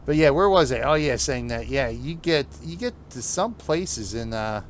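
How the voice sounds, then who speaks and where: A man with a New Jersey accent talks loosely to his viewers as he plays a trucking game, often breaking off and restarting his sentences. His pitch sits in an ordinary middle range. A faint hum of noise sits under the voice. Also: animated. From New Jersey, USA. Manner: rambling, halting restarts, chuckles often. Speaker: streamer playing a truck game. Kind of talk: casual chat while gaming.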